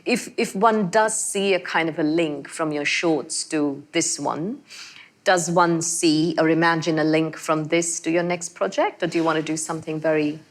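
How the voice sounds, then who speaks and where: Woman moderator, slightly low register, measured questioner. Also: fairly even intonation. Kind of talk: festival Q&A moderation.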